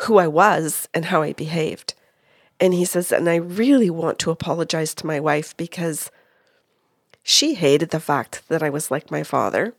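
A woman's voice: lowish voice, no room sound, clean studio sound. A woman recounting a reading she gave as a medium, retelling what people said in quotes, with many restarts. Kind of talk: casual storytelling.

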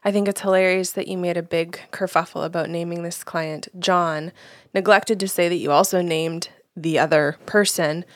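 A woman's voice: fairly low pitch, fairly even intonation, normal speed, no echo, clean studio sound. A woman co-hosting a casual talk show, blunt and teasing, swearing casually. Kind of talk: casual chat.

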